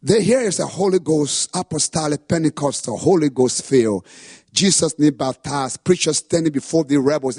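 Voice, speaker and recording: A man preaching a sermon testimony with impassioned delivery that rises to shouts. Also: on the high side, husky, no echo, clean studio sound. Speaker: pastor.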